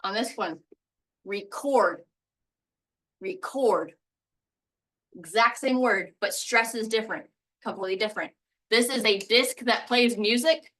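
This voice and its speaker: Bright-voiced woman teaching a language lesson. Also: fairly high pitch, normal speed, distant mic, rough recording. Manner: explanatory, walks through examples step by step.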